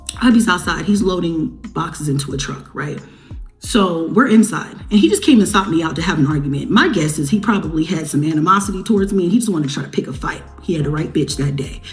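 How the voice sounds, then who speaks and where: A woman's voice: on the low side, animated, fairly quick, faint music behind. A woman vlogging, telling a story to her viewers in a blunt, heavily profane, emphatic way. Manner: talks straight to viewers. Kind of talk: casual storytelling to camera.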